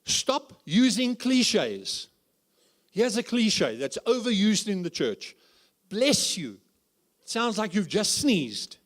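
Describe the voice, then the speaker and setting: A man's voice: high-pitched, very animated, slow. A man preaching as a guest speaker at a church conference, humorous and full of rhetorical questions. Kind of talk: conference sermon.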